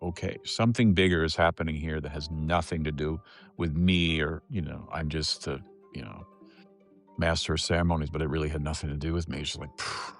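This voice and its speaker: A man's voice: a bass voice, fairly even intonation, a little fast, faint music behind. A middle-aged man, a psychotherapist, telling an earnest and emotional story in a podcast interview. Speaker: psychotherapist guest.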